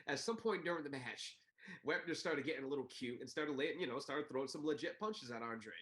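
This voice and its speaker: A man co-hosting a podcast, telling a story in casual chat and acting out quotes with big jumps in pitch. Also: a little fast, a bit bright. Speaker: podcast co-host. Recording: roomy echo.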